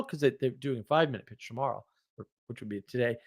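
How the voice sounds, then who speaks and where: A man casually telling a story from his week, animated, laughing often and restarting his sentences. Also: fairly high pitch, quick pace. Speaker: podcast host.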